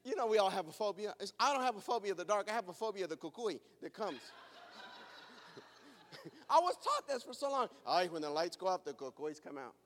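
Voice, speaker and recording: A male pastor preaches with a high-pitched voice, telling stories where he pokes fun at himself in an animated way. His voice rings out with a long reverb that fills a large church hall. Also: normal speed. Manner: animated, self-mocking storytelling. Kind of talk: sermon with personal stories.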